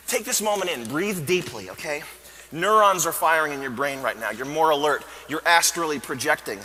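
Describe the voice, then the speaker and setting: A man's voice: fairly high pitch, lively intonation, moderate pace, a little hiss or hum. Bombastic man in an echoey hall. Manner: bombastic, erratic, sudden shouting. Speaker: comedic stage speaker. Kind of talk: parody motivational talk. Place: university auditorium. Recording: echoey hall with faint ambience.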